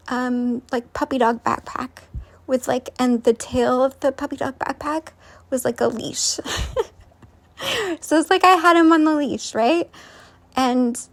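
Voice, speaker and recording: A woman casually telling a personal story, rambling with many fillers and restarts, at times dropping to a whisper. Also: sits high. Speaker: vlogger.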